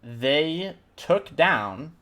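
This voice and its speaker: A man's voice: a little high, big pitch swings, drawn-out words, bright, forceful tone. A man hosting a casual podcast who jokes around and swears freely. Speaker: podcast host. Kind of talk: casual chat.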